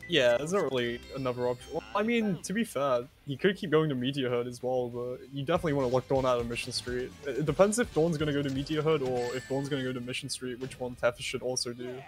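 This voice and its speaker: Fast-talking man analysing a live match. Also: mid-range voice, faint music behind. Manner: analytical, points out options and strategy. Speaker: co-commentator. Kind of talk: live speedrun commentary.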